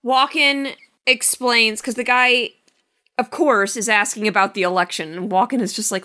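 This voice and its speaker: A woman's voice: fairly high pitch, fairly even intonation, normal speed, bright, forceful tone. A woman co-hosting a casual podcast about a film, recapping scenes and asking her co-host questions. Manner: chatty, questioning.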